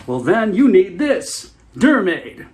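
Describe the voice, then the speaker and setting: Man doing a high, booming infomercial announcer, overblown, slow sales pitch. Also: very animated, a little mellow, heavily acted. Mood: hyped.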